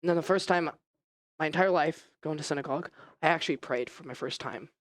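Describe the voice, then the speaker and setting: A man preaching a first-person dramatic sermon as an animated storyteller whose voice rises and falls. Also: a little high, quick pace, dry recording. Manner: animated storytelling, voice rising and falling.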